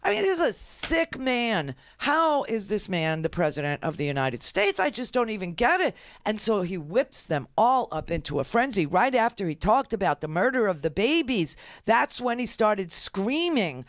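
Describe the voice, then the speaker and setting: An indignant middle-aged woman hosts a political talk show, piling on emphatic restarts and fillers. Her voice is smooth and resonant. The sound is close and dry. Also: medium pitch, big pitch swings, moderate pace, hardly any pauses, dry recording. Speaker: radio talk show host. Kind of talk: opinionated political commentary.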